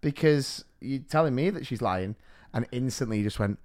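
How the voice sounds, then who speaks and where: A man's voice: mid-range voice, fast. A man, co-hosting a podcast and telling stories with lots of laughter and acted-out quotes. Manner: animated storyteller, acts out quotes, laughs a lot. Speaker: podcast co-host, teacher. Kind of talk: casual chat, storytelling.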